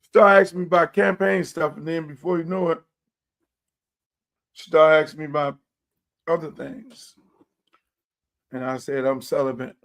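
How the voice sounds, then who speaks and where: A man's voice: a little high, steady tone, normal speed, gravelly, pauses often, a bit bright. A man hosting a casual livestream chat, rambling on in a loose, chatty way while he eats. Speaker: show host.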